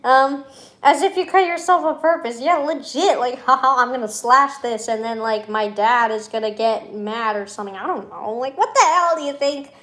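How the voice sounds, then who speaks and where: A woman's voice: fairly high pitch, moderate pace, fairly bright tone. A young woman venting in a casual vlog, rambling and sarcastic, laughing often between her remarks. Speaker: vlogger.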